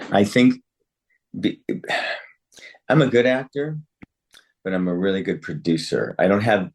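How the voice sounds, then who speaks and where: A man in his sixties, an actor speaking as a guest over a video call, animated and often correcting himself with laughs. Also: deep voice. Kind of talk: remote interview.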